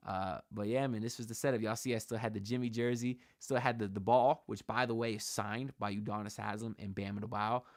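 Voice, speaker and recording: Hosting a sports livestream, this man speaks briskly with few pauses to his chat, sounding loose, slangy and hyped. His pitch sits fairly low and his tone stays steady. The audio is clean studio sound with no echo, recorded through a shotgun mic on the camera.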